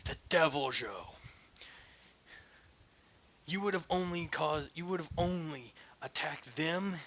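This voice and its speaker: A man's voice: on the high side, animated, slow, a bit bright, pitched above the performer's own voice, heavily acted. A man voicing an angry, loyal male friend who scolds in an exasperated way. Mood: scolding.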